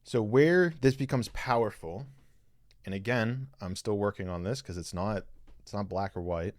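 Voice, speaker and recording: A man's voice: fairly low pitch, moderate pace, dry recording, studio quality. A man hosting a podcast, giving an earnest spiritual teaching monologue and coaching listeners directly, with a lot of repetition. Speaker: podcast host. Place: live stream reading viewer comments.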